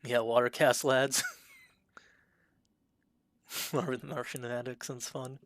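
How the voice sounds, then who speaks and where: A man casually commenting while streaming a video game, talking in a fairly monotone way and reading the game's options aloud. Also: mid-range voice, slow pace, no room sound. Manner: self-described monotone, dry delivery.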